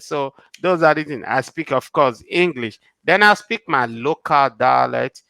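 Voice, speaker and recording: A man's voice: a little high, expressive, normal speed, few pauses, bright, forceful tone, no room sound. A man from Nigeria with a Nigerian accent, a show guest answering questions earnestly and often restarting his sentences. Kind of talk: casual interview answers.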